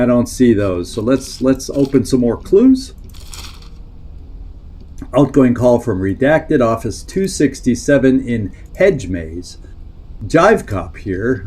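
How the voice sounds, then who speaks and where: While playing a strategy game on a live stream, this man talks through his thinking, reads text from the game aloud, and replies to viewers in chat. His voice sits at a medium pitch and has a slightly mellow quality.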